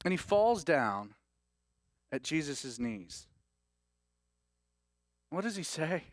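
Male pastor, casual chatty sermon, high voice, dry close sound. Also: takes it slowly, no room sound. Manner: animated, conversational, laughing asides.

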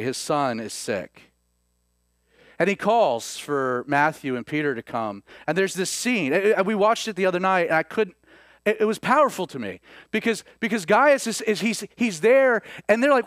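A man preaching a sermon, swinging between loud emphasis and soft, hushed lines. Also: mid-range voice, no room sound, clean studio sound.

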